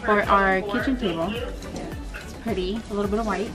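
A woman's voice: medium pitch, fairly even intonation, normal speed, loud music behind the voice. A young woman vlogging casually to the camera, chatty and playful, often giggling. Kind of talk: casual vlog chat to camera.

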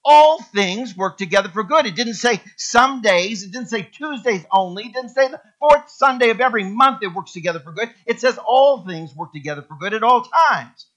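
A male pastor preaching a sermon in a church, emphatic and repeating key words with sweeping rises in pitch. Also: animated, normal speed, hardly any pauses, sharp tone. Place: church sanctuary.

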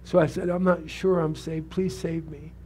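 A man's voice: fairly high pitch, flat delivery, moderate pace, mellow, a little hiss or hum. Older man preaching, conversational testimony. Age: 70s. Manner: conversational preaching, asks the congregation questions. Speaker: pastor. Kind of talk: sermon with personal testimony. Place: church sanctuary.

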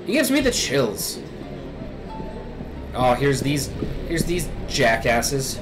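A man's voice: medium pitch, very animated, takes it slowly, long pauses, music in the background, low-quality recording. A young man giving emotional, profanity-laden let's play commentary, rambling as he reacts. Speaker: gaming YouTuber.

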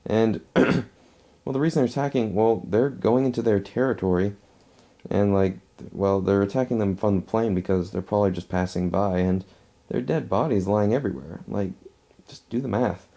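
A man's voice: on the low side, moderate pace, warm tone. A man giving a casual movie review, rambling and restarting his phrases as he talks at home.

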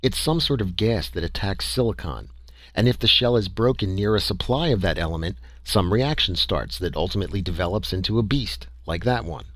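Low-voiced man reading an audiobook. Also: lively intonation, fairly bright tone, no echo. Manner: measured first-person storytelling. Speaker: audiobook narrator. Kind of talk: scripted audiobook narration.

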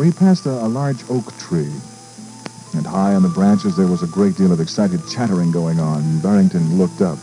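A man, a radio DJ, reading a storybook aloud in a gentle, unhurried way, with fillers and small asides. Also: lowish voice, poor audio.

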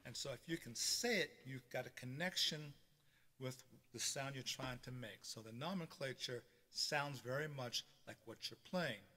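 A man's voice: mid-range voice, normal speed, sharp tone. A man teaching a live-streamed beginner drum lesson, explaining hand technique step by step and checking in with a frequent "okay". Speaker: drumming teacher. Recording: roomy reverb with drum sounds behind. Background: drumming between phrases.

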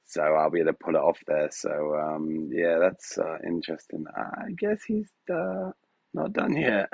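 A man's voice: extremely low pitch, animated, moderate pace, gravelly, darkish tone, dry recording, muffled recording. A man hosting a live stream, talking in a hesitant, rambling way full of fillers, his voice turning emotional at moments. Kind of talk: casual live-stream chat. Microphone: phone.

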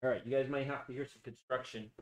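A man's voice: mid-range voice, fairly even intonation, quick pace, dry recording. A man chatting casually while streaming a game from his unfinished basement, laughing often and joking at himself. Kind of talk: casual live-stream chat.

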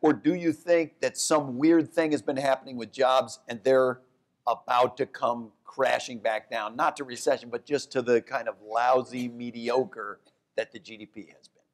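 Animated male economist guest. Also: mid-range voice. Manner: animated, talks in quick bursts, restarts and corrects himself. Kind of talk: onstage conversation.

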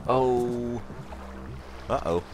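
A man's voice: medium pitch, drawn-out words, over music. A man giving casual let's play commentary, rambling with self-mocking, jokey asides.

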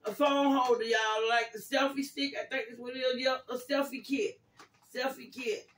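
An older woman hosting a casual gift-opening vlog, thanking viewers warmly and praising God, calling everyone y'all. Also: sits high, fairly even intonation, moderate pace. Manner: religious, praising God often; grateful, calls viewers y'all. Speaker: vlogger. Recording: echoey room, far from mic, faint noise.

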